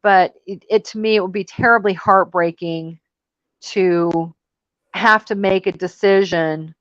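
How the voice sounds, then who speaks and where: A woman's voice: fairly low pitch, steady tone, measured pace, fairly bright tone, no echo. Woman, casual panel chat host, exasperated storyteller, muffled audio, dry sound.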